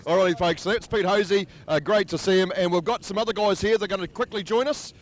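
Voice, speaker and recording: A man hosting casual trackside interviews, chatty and upbeat. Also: sits high. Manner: chatty, upbeat, quick questions. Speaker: host and interviewer. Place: outdoor speedway pits.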